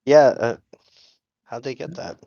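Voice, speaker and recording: A young man on a podcast, making quiet wry remarks. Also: medium pitch, expressive, measured pace, vocal fry, dull audio. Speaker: podcast co-host. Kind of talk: casual chat.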